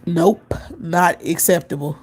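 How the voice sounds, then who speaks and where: A woman's voice: on the low side, steady tone, slow pace, breathy edge. A woman, hosting a live stream, ranting scornfully and bluntly with lots of cursing and repetition. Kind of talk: profane casual rant.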